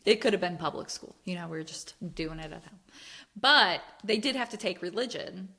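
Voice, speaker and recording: A woman's voice: lowish voice, brisk. A middle-aged woman co-hosting a casual podcast, telling stories and acting out quotes with bursts of laughter. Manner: animated storyteller, acts out quotes with loud laughs. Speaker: podcast co-host. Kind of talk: casual chat.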